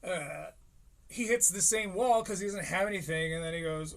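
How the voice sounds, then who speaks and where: A man's voice: high-pitched, moderate pace, vocal fry. A man in his thirties giving rambling, profane comedic commentary on a live stream. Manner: rambling, profane, animated impressions.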